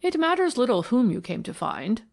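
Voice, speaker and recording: A woman's voice: on the high side, big pitch swings, normal speed, vocal fry, voice pushed up. A woman voicing a solemn, menacing male mystic, the last of his tribe, who speaks in a grave, prophetic manner.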